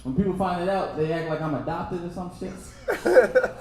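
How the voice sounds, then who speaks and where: A young man from Texas works through a stand-up set, laughing between lines and slipping into loud impressions. His voice sits a little high. The sound bounces around a very reverberant room, with faint hiss underneath. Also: steady tone, quick pace. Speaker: stand-up comedian. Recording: very echoey room, faint noise.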